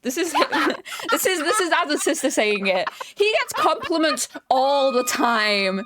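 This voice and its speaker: A young adult woman streamer in casual chat, animated, swearing freely and laughing often. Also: high voice, unhurried, noisy background.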